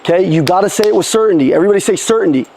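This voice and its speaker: Sales trainer, male, high voice, punchy call-and-response coaching to a live room. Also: expressive, creaky, dark tone. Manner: casual, swears, quick restarts.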